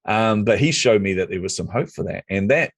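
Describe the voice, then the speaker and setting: A middle-aged New man tells his story quickly in a low voice, playing out the dialogue as he goes. His voice sits close and dry on the mic, with no room sound. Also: creaky, no echo. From New Zealand. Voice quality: lively storyteller who acts out quoted dialogue. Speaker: podcast guest. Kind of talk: casual storytelling interview.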